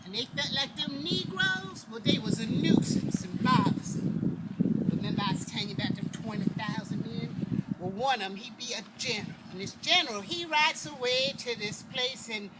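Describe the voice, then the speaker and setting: Woman doing an eager young boy, high and quick, traffic noise around. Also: lively intonation, natural voice. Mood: storytelling. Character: young enslaved boy recalling the war, eager. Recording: noisy outdoor recording with passing traffic.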